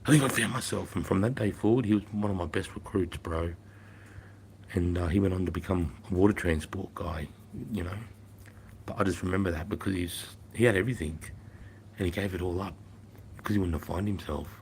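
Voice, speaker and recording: A man's voice: sits low, fairly even intonation, brisk, darkish tone, a little hiss or hum. A man, chatting casually to viewers in a blunt, profane storytelling manner. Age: 50s. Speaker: livestreamer and former army instructor.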